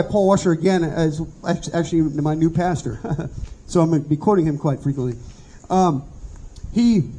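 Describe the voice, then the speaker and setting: Husky high-voiced preacher man, stammering. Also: warm tone, poor audio. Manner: stammering repetitions, earnest storytelling. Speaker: pastor. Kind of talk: informal sermon.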